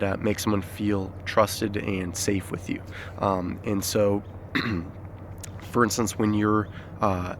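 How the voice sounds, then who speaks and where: A man's voice: fairly low pitch, a little hiss or hum. Man talking fillers-heavy outdoors on a phone. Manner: relaxed, many fillers and restarts. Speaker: self-help teacher. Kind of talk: unscripted outdoor explainer video. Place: outdoors in nature. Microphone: phone held by the speaker. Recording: phone recording with faint outdoor ambience.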